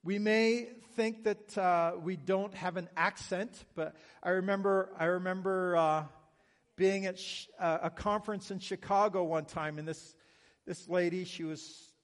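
Canadian-accented male pastor, high voice, conversational sermon with dry self-deprecating humor. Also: steady tone, measured pace, big-room sound.

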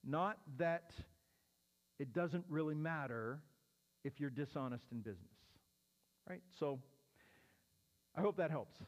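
A man's voice: fairly high pitch, lively intonation, unhurried, pauses often, long reverb tail, dull audio. A man teaching as a pastor answering questions, explaining step by step and often checking in with "right?". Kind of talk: teaching sermon.

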